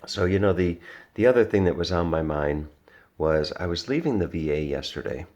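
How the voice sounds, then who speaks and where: A man's voice: low voice, expressive, moderate pace, a little mellow, dull audio. A man vlogging, rambling through a personal story in a casual, earnest way with lots of restarts and fillers. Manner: earnest, reflective.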